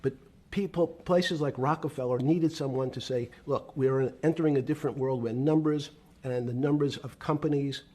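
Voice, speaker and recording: Brief: older man with a husky, dark voice telling slow business anecdotes. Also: mid-range voice, fairly even intonation. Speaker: interviewee in a played clip. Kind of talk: reminiscing storytelling.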